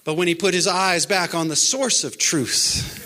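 A man with a bright, clear-edged voice preaches an encouraging sermon, reciting scripture with earnest conviction. His voice sits a little higher than most men's. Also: unhurried. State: pandemic-era address. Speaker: pastor.

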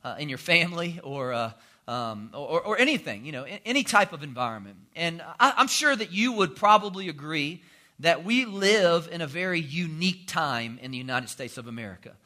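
A man's voice: on the high side, lively intonation, moderate pace, pushed and bright. A man, preaching a sermon as a pastor in a folksy, joking storytelling way. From North Carolina. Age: 40s.

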